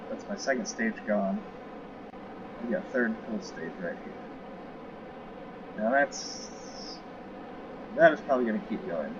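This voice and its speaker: A man giving casual, rambling commentary while playing a space game, correcting himself and joking as he goes. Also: medium pitch. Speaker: gamer showing a space game. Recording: dull lo-fi audio with clear noise.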